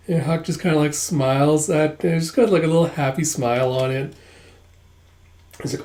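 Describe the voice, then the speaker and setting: A man's voice: fairly high pitch, steady tone, normal speed, a little mellow. A man doing a casual readthrough of a comic, retelling the scenes loosely with plenty of fillers. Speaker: comic reader. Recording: echoey room.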